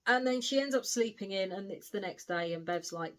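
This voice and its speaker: A woman's voice: medium pitch, brisk, hardly any pauses. A woman giving a casual spoken book review, recounting the plot in a chatty way with frequent asides.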